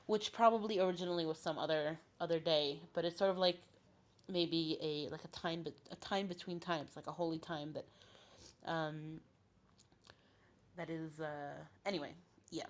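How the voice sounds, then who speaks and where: Woman with a cough telling an old myth, lowish voice, um-and-like rambling. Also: steady tone, normal speed. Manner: rambling, lots of fillers, swears casually. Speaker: podcast host. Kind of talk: casual myth retelling.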